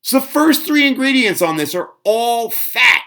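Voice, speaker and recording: A man's voice: very high voice, sing-song, measured pace, vocal fry, pushed and bright. A middle-aged man ranting sarcastically in a casual home cooking vlog. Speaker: fitness vlogger. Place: home kitchen.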